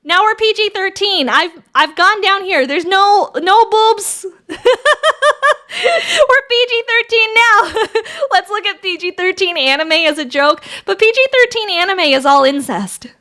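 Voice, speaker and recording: A woman's voice: extremely high pitch, lively intonation, moderate pace, bright, forceful tone. A woman streamer chatting casually with her viewers, crude and giggly, bantering with chat. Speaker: VTuber streamer.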